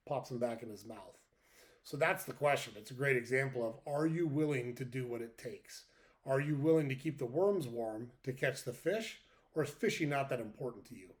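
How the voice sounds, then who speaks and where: A man in his fifties hosts a podcast and speaks straight to his listeners in an earnest, direct manner. He drives his points home by repeating them. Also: mid-range voice. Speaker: podcast host. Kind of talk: motivational monologue.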